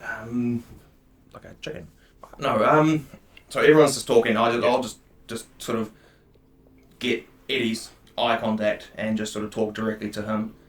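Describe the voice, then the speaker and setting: Hesitant New player, distant mic. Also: male voice, mid-range voice, flat delivery, normal speed, pauses often. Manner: hesitant, lots of ums. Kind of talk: in-character tabletop play.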